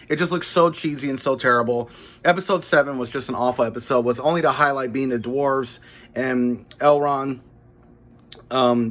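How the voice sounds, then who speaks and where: Guy hosting his own review channel, mid-pitched voice, blunt and dismissive, just complaining casually about an episode. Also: a bit bright. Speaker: host of a pop-culture review channel.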